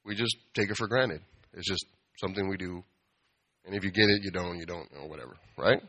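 Man, casual preacher-style talk, bright forceful tone, animated storytelling with humor; asks the crowd for amens. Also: sits low, fairly quick. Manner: animated, asks the audience for amens, acts out bar customers. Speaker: speaker giving a talk.

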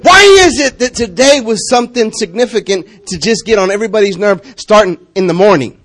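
A man with a high voice preaches to his congregation. He talks with lots of energy and laughs often, moving between loud calls and hushed, low stretches. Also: brisk. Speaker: pastor. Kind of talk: lively sermon.

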